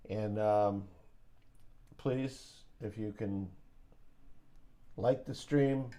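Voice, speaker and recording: A man hosting a live day trading stream, talking casually in a slow, rambling way and poking fun at himself. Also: medium pitch, warm tone. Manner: slow, rambling, self-mocking with small laughs.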